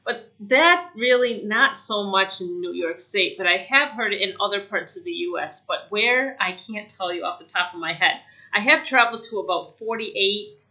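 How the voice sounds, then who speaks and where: A woman giving a casual spoken English lesson, chatty, saying example phrases slowly. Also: mid-range voice, animated, bright, forceful tone, muffled recording. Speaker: English teacher.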